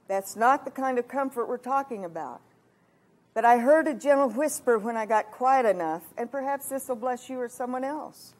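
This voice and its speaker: A woman in her sixties from Kansas giving a heartfelt testimony sermon at a retreat, moving between hushed and emphatic delivery. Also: high voice, moderate pace. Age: 60s. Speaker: retreat speaker.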